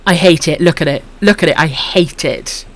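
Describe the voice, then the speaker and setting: A woman from Wales with a husky voice and a dry throat, chatting casually to viewers while streaming a game and calling them her darlings. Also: low voice, normal speed. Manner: affectionate, calls viewers my darlings.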